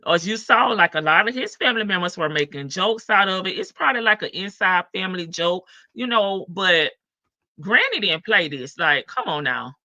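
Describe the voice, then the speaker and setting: Lady chatting on her livestream, bright forceful voice, dry muffled lo-fi sound. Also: lowish voice, big pitch swings, moderate pace, no room sound. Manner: chatty, reads comments aloud, laughs often. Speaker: livestream host reading chat. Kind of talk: casual livestream commentary.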